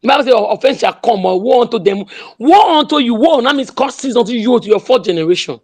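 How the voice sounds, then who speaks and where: A woman's voice: fairly high pitch, lively intonation, fast talker, darkish tone. A woman with a Nigerian accent giving an impassioned political speech, emphatic and repeating her slogans. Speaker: speaker in an online audio room.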